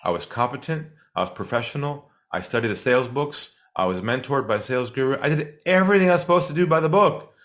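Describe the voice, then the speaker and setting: A middle-aged man tells a sales story as a podcast guest, acting out each voice in the room. His pitch sits in the middle and swings widely, and he speeds up and slows down to build suspense. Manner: animated storyteller, acts out quotes, builds suspense.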